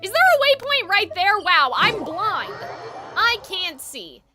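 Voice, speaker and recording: Speaking at a measured pace in a very high, sing-song voice, a woman streams a video game. She drifts through loose commentary full of swearing and chuckles at her own jokes while game music runs underneath.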